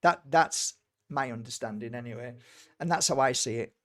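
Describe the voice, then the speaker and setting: A man, a spiritual healer and medium, telling stories in casual conversation, emphatic and animated with many repeated words. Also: mid-range voice, moderate pace.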